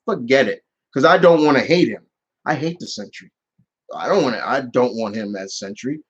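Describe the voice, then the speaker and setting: A man's voice: mid-range voice, animated, moderate pace, slightly rough, lo-fi sound. A man casually answering viewer questions on his channel, rambling with many restarts and fillers. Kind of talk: casual live Q&A chat.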